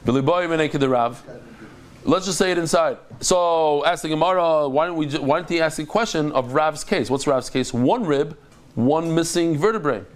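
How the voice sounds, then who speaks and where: Excitable rabbi guy teaching talmud, kinda high voice, acts stuff out, keeps restarting. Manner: animated and dramatic, acts out quotes, quick restarts. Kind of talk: lively Talmud lecture to a live group.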